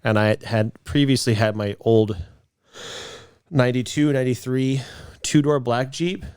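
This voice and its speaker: A man's voice: medium pitch, fairly even intonation, unhurried, darkish tone, clean tone, no echo, clean studio sound. A man in his late twenties co-hosting a podcast, telling a rambling story in casual chat, with lots of restarts. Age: late 20s. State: a bit out of breath. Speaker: podcast co-host.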